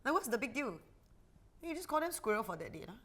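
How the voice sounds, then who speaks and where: A woman's voice: a little high, big pitch swings, fast talker, fairly bright tone. A young woman co-hosting a podcast in casual chat, bantering and laughing often, tossing in "lah" at the ends of her sentences. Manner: bantering, laughs a lot, drops "lah" particles. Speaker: podcast co-host.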